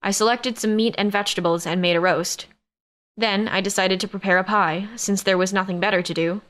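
A woman narrating a first-person audiobook in a steady storytelling manner. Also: mid-range voice, brisk.

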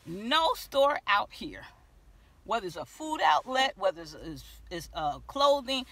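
A woman vlogging from her car, telling a story in an animated way and acting out the dialogue. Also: mid-range voice, a little slow, no echo. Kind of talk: car vlog rant. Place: inside a parked car.

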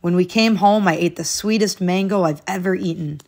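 Slightly low-voiced woman reading a storybook. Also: normal speed, gravelly. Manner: expressive, lifting her voice at new days and exclamations. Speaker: picture book reader. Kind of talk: children's storybook read-aloud.

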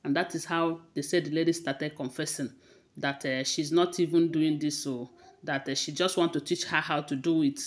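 A woman's voice: deep voice, steady tone, moderate pace. A woman with a Nigerian accent casually retelling celebrity gossip, with frequent hesitations and restarts. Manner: hesitant, many fillers and restarts, conversational retelling.

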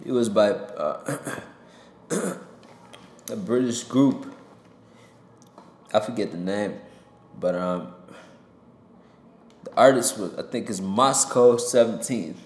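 A rapper giving a heated opinion monologue to camera from a home desk mic, swearing and jumping loud and high for emphasis. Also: male voice, slow, pauses often, echoey room, slight background noise. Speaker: rapper and commentator. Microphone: desk mic with pop filter.

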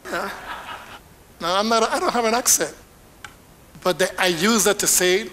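High, bright-voiced older bilingual preacher. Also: male voice, normal speed, slight background noise. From Panama. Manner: switches between Spanish and English line by line, animated. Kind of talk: bilingual sermon.

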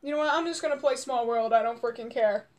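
A young woman commenting on her gameplay, panicking and yelling, her voice strained hoarse from screaming. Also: a little high, fast, a little hiss or hum. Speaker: gamer.

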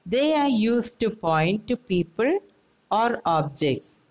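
A woman with an Indian English accent teaching a grammar lesson to children, explaining slowly and clearly and asking them questions. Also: on the high side, very animated, darkish tone, rough recording.

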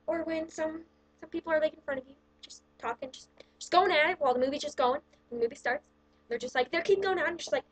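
A woman with a fairly high voice rants to the camera about her pet peeves. She sounds exasperated and sarcastic, and she talks casually with a lot of "like" in her sentences. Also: fast, rough recording. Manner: exasperated, sarcastic, heavy use of "like". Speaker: vlogger. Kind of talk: casual ranting countdown list.

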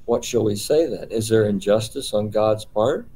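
A man's voice: fairly low pitch, moderate pace, dark tone, slightly rough, low-quality recording. A man leading a small-group Bible study, explaining patiently and posing rhetorical questions.

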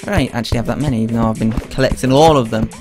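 A young man talks casually and playfully over his game, reading and answering his chat as he goes. His voice sits at an ordinary middle pitch. Game music plays clearly underneath him. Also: rapid-fire. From Britain. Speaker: streamer playing a game. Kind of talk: casual live-stream commentary. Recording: game music playing behind the voice.

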